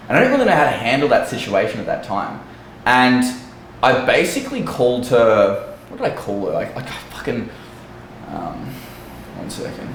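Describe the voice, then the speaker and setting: A man's voice: mid-range voice, a little hiss or hum. A young man, a dating coach, telling a story casually in a blunt, profane way. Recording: echoey room.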